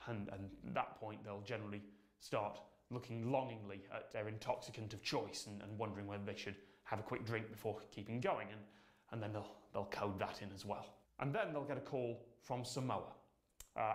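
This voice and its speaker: A man's voice: on the low side, fairly quick. A man presenting a scripted explainer in a wry, storytelling manner. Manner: wry, storytelling, self-deprecating.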